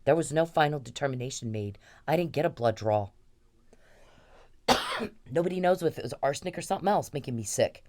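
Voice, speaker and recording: A woman delivering an angry, profane monologue in a forceful, ranting manner. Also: sits low, expressive, fairly quick, long pauses. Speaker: complainant.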